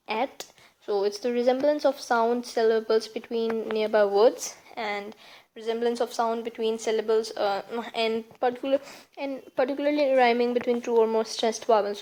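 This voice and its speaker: Woman teacher doing a video lesson, slightly high voice, slow stressed examples, keeps correcting herself. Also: darkish tone, poor audio. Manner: reads examples slowly and stressed, with frequent restarts and self-corrections. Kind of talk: video lesson on figures of speech.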